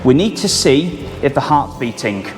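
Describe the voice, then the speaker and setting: A man's voice: medium pitch, very animated, moderate pace, a little hiss or hum. A man from Manchester working as a first aid trainer, giving clipped, step-by-step instructions. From Manchester, England. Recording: reverberant, with music behind.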